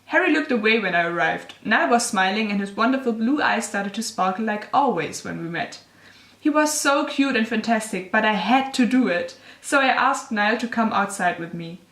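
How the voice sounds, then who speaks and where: Young woman vlogger, somewhat high voice, dramatic reading with giggly asides, roomy echo. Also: animated, normal speed, fairly bright tone. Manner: gushing, giggly, self-mocking. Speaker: YouTuber reading her old fanfiction. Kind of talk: dramatic reading with casual commentary. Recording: echoey room.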